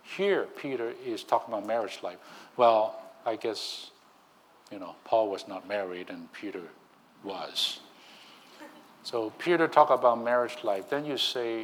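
Slow, emphatic male preacher. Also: mid-range voice, slight background noise. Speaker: minister. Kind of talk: sermon.

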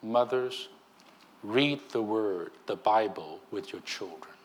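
A male minister delivering a sermon at an unhurried pace. He is emphatic and often restarts his phrases. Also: on the low side, slight background noise. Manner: slow, emphatic preaching with many restarts.

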